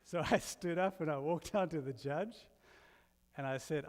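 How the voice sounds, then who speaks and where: A man's voice: a little high, normal speed. Storytelling male preacher in a reverberant hall. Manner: animated storyteller, self-deprecating humor. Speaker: guest minister. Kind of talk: sermon with humorous stories. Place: church sanctuary.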